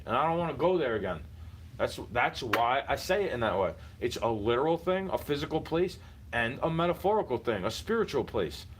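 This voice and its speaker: A man's voice: on the high side, a little hiss or hum, low-quality recording. A man venting in a heated, repetitive personal rant, speaking straight at someone he is fed up with and swearing often. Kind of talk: frustrated personal rant to camera.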